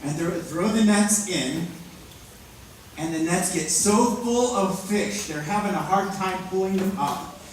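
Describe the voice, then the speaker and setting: A woman telling a Bible story to campers, acting it out with sudden shouts and hushed drops. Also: on the low side, unhurried, slight background noise. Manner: dramatic, swings from excited shouts to hushed tones. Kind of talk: animated Bible story for children. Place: large indoor hall at a day camp. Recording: echoey hall from far off.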